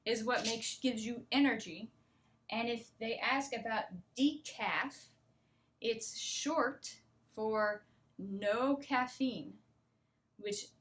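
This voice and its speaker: A woman's voice: a little high, a bit bright. An American woman teaching English pronunciation, explaining patiently and often checking in with her listeners. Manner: slow, patient explaining with frequent "okay?" and "right?" checks. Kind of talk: relaxed accent lesson.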